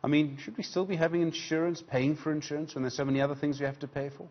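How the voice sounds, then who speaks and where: Fast-talking interviewer, husky. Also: male voice, fairly high pitch, steady tone, lo-fi sound. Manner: conversational probing questions, uses fillers like "I mean". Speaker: TV news interviewer. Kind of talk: TV news interview.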